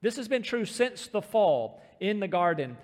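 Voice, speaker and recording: A man preaching a sermon, emphatic and slowing down to stress scripture. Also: high-pitched, very animated, a little mellow. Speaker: pastor. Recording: reverberant hall.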